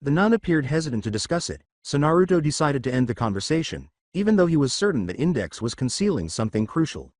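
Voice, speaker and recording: A man narrating a fan fiction story in an even storytelling manner. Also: a little high, fast talker, few pauses, no echo, studio quality.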